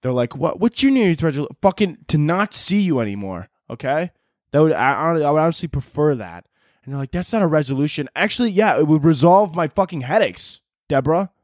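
A man's voice: a little high, lively intonation, fairly quick, a little mellow, no room sound, studio quality. A young man hosting a podcast on his own, ranting sarcastically with lots of swearing. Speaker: podcast host. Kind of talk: solo comedic rant.

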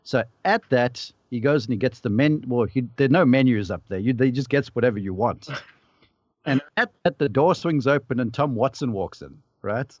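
A man's voice: mid-range voice, lively intonation, normal speed, dry recording, muffled recording. A man on a podcast casually telling a story, acting out the lines of the people in it. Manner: anecdotal, acts out quoted dialogue. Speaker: podcast panelist, former caddie.

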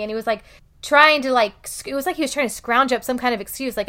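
Young woman, podcast co-host, casual chat, higher-pitched voice, lively storytelling. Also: quick pace. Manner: chatty storytelling, animated quoted voices.

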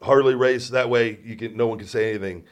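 A man's voice: mid-range voice, steady tone, fast. A man hosting a podcast in casual chat, sarcastic and self-deprecating, rambling with many restarts. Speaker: podcast host.

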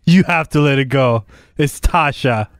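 A man's voice: mid-range voice, unhurried, no echo, clean studio sound. A man co-hosting a podcast, bantering in a playful, sometimes defensive way. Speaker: podcast co-host. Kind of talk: casual banter.

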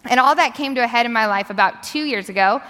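A woman's voice: on the high side, fast, bright, forceful tone. A woman giving a candid, reflective personal testimony in church. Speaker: church speaker sharing her story. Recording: reverberant hall.

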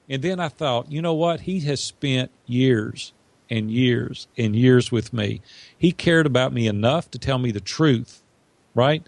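A middle-aged man with a gravelly, creaky edge to his voice tells a personal story as a podcast guest. He talks earnestly and animates the quotes of others. The sound is close and dry. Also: medium pitch, measured pace, dry recording. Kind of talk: storytelling in an interview.

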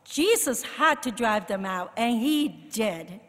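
Woman preacher, slow deliberate sermon delivery, bright tone, wide pitch swings. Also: long reverb tail. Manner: expressive, rises in emphasis and drops to soft asides.

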